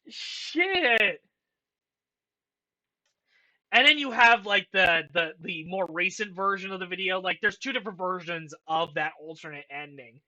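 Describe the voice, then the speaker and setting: An excitable woman giving a casual reaction commentary, swearing freely and breaking into emotional outbursts. Her voice sits fairly high and sounds bright and forceful. She draws her words out at an unhurried pace. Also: low-quality recording. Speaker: channel host reviewing films.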